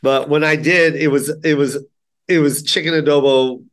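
A man's voice: fairly high pitch, normal speed. A middle-aged man, a stand-up comedian, telling stories in a casual interview and acting out the people he quotes. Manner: animated, acts out quotes in character voices.

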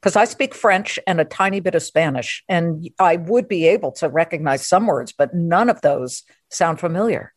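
A woman hosting a podcast interview, chatty and playful with quick asides. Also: lowish voice, lively intonation, no room sound, clean studio sound. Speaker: podcast host. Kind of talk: casual interview chat.

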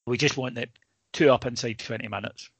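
A man's voice: medium pitch, fairly even intonation, a little fast, breathy edge, dry recording. A Scottish man, a sports journalist, telling a rambling, emotional story in casual chat, full of restarts.

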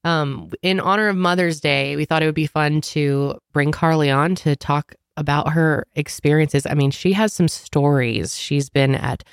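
A woman's voice: low-pitched, moderate pace, hardly any pauses, clear, resonant tone, dry recording, clean studio sound. A woman co-hosting a casual podcast chat, congested with a sore throat, rambling with lots of fillers. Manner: rambling, filler-heavy, laughs often. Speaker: podcast co-host.

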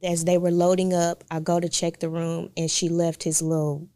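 Low-voiced woman, animated storyteller. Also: moderate pace. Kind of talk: casual storytelling chat.

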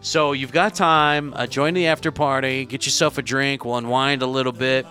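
A man's voice: mid-range voice, fairly even intonation, moderate pace, bright, forceful tone, faint music behind. A man hosting a casual livestream. He rambles with lots of fillers and says he is losing his voice. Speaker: livestream host.

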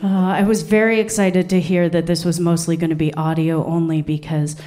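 A woman's voice: lowish voice, little pitch movement, fairly quick, dark tone. A woman performing stand-up on a theatre stage, with a nervous, hesitant delivery. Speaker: stand-up comedian. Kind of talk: stand-up comedy set. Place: live comedy theatre stage with audience.

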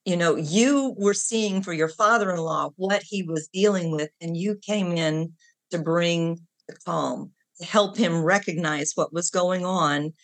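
A woman health coach talks as a guest on a podcast. Her voice sits a little low, and her manner is calm and affirming. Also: unhurried. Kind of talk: conversational interview.

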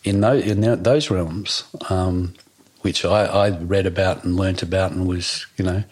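A man, a guest in a casual conversation, talking in a reflective, halting way with many fillers. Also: low-pitched, fairly even intonation, a little mellow, husky.

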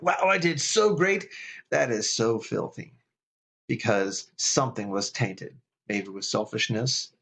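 A man's voice: mid-range voice, a bit bright. A middle-aged man, a chaplain, giving an earnest, casual faith talk, thinking aloud with restarts.

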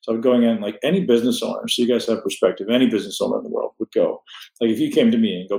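A man's voice: lowish voice, very fast, gravelly, mellow. A man hosting a podcast, giving blunt, emphatic motivational advice. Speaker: podcast host. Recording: roomy echo.

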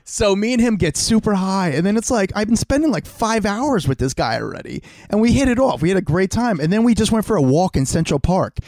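A man tells a story with a lot of energy, acting out voices and swearing freely in loose podcast chat. His voice sits fairly high, and it was recorded close and dry, with almost no room sound. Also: brisk, hardly any pauses, no echo. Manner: animated, swears freely, acts out quoted voices. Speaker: podcast co-host. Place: home.

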